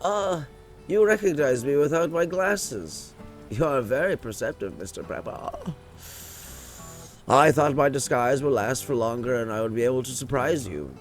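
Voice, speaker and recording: A man's voice: medium pitch, moderate pace, soft background music, lightly acted. A man reading a friendly secret agent. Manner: reads dialogue aloud with small stumbles.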